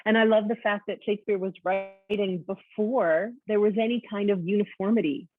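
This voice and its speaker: A woman's voice: mid-range voice, steady tone, moderate pace. Woman host on a tinny line. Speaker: host, director of education. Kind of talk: webinar discussion. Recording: dry, tinny phone-like line.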